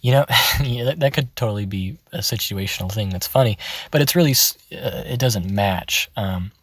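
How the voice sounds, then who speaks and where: A man giving a relaxed, chatty voice-acting tutorial, laughing often. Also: on the low side, moderate pace, slightly rough, no room sound. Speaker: voice acting teacher. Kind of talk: casual tutorial. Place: in his car.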